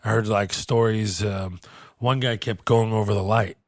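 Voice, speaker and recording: A man with a lowish voice spins a swear-laden anecdote in casual podcast chat, jumping into put-on voices for the people he quotes. The sound is dry and close, with no room around it. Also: fairly even intonation, normal speed, no room sound. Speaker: podcast host and comedian.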